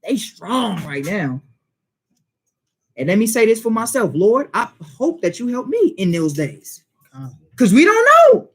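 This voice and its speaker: A high-voiced man preaches to a small group in a loose, informal way. He fires off rhetorical questions and talks in street slang. Every point lands with emphasis. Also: big pitch swings, a little slow, long pauses, breathy edge.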